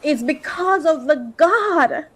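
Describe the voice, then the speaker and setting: A woman speaking from the heart on a talk podcast, earnest and reflective, with slow, emphatic stretches and moments where she is moved to emotion. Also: sits high, expressive, a bit bright, poor audio. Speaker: podcast host. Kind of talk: heartfelt personal monologue.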